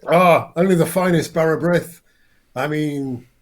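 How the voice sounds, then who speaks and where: A man voicing a proud, educated Welsh male noble, with a Welsh accent and a halting, boastful way of talking. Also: a little high, close to an everyday voice. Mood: enthusiastic.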